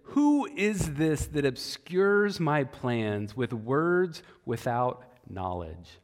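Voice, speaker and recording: A man's voice: medium pitch, sing-song, very slow. A man voicing God as a stern, authoritative, scolding deity in a sermon. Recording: long hall reverb.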